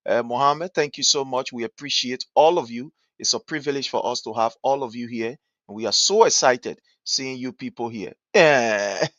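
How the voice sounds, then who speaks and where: A man's voice: medium pitch, normal speed, fairly bright tone, no room sound. A man with a Liberian English accent hosting a live-stream talk show, greeting viewers by name with effusive thanks and pleading appeals. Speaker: livestream show host. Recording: dull, dry lo-fi stream audio.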